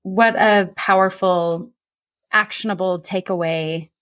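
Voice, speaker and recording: A woman interviewing a podcast host in a reflective conversation, speaking in a warm, affirming and thoughtful way. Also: fairly low pitch, steady tone, slow, no echo.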